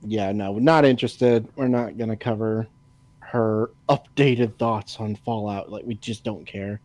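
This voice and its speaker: A man co-hosting a podcast in casual chat, retelling scenes in an animated, laughing way. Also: lowish voice, unhurried, dry recording. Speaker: podcast co-host.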